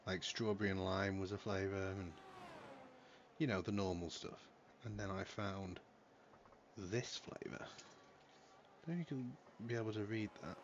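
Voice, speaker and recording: A man's voice: low-pitched, noisy background. A man casually streaming and commentating a sim racing league, cheeky and swearing constantly. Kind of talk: casual livestream chat. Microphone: headset.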